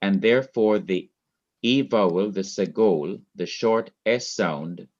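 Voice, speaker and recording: A man teaching a Hebrew grammar class, explaining slowly and repeating key points. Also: on the low side, a little mellow, muffled recording. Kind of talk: online classroom lecture. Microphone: laptop mic.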